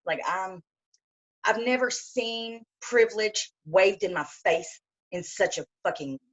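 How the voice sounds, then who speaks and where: A woman's voice: mid-range voice, lively intonation, slow pace, muffled recording. A woman co-hosting a podcast, talking in a blunt, heated way with heavy swearing. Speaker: podcast co-host. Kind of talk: casual conversation.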